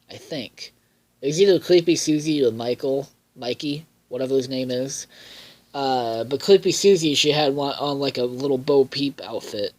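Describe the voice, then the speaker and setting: A young man talks through a cartoon episode in loose, casual chat, with many fillers and frequent swearing. His voice sits at an ordinary middle pitch for a man. Now and then he jumps higher to act out characters' lines. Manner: rambling, profane, with many fillers. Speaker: show reviewer.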